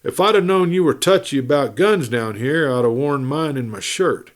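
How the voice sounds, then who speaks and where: A man reading aloud, voicing a cool, wry cowboy drifter who speaks in a slow drawl. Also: medium pitch, expressive, pitched above the performer's own voice, close to an everyday voice.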